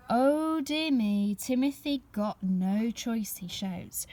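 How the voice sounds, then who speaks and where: A woman nursery teacher reading a picture book aloud to young children, animated and expressive, pausing to ask them questions. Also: mid-range voice.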